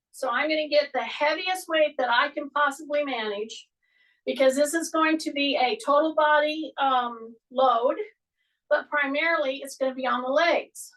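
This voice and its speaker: A woman's voice: high voice, fairly bright tone, far from the mic, rough recording. A woman fitness instructor leading a guided workout class, giving repeated breathing and posture cues while she demonstrates the moves. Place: exercise class room.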